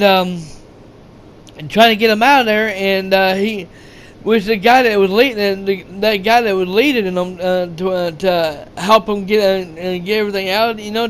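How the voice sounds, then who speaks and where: High-pitched guy rambling thru a movie plot, lots of um and uh, swears a bunch, does the lines himself. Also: fairly even intonation, slight background noise. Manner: rambling, halting, many fillers and restarts, profane, acts out quotes. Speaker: movie reviewer. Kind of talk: rambling casual movie recap.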